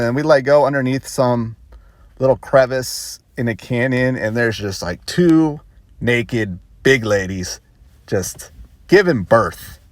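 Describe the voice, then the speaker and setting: A man's voice: mid-range voice, unhurried, no echo. A man vlogger telling a rambling story casually, with self-conscious laughs.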